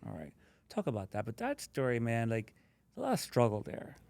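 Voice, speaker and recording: A man hosts the interview and nudges his guest along with short, encouraging reactions. His voice is mellow and dark in tone. It is recorded dry and close. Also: mid-range voice, wildly swooping pitch, a little fast, vocal fry, dry recording. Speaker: interview host. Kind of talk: casual interview.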